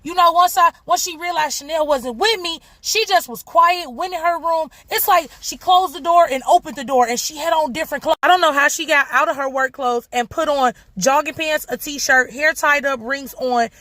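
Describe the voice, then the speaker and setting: High-voiced woman telling a profane story. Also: moderate pace, hardly any pauses, no echo. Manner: slangy, profane, animated. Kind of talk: casual storytime vlog.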